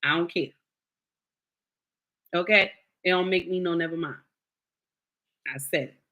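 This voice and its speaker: Her fairly low voice comes out pushed and bright, and she takes her time. She's a middle-aged woman content creator ranting on a livestream, lecturing viewers in a blunt, preachy way.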